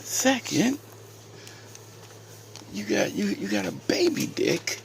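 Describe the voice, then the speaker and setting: A man's voice: high-pitched, huge pitch swings, creaky, a little hiss or hum. A man in a taunting roast rant, dragging his words out. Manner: taunting, drawn-out. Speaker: vlogger.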